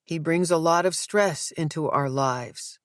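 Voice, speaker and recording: A woman voicing a tense, sharp-tongued mother. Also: sits low, a little slow, no room sound, clean studio sound. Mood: flat. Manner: sharp, clipped. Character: tense, angry middle-aged mother.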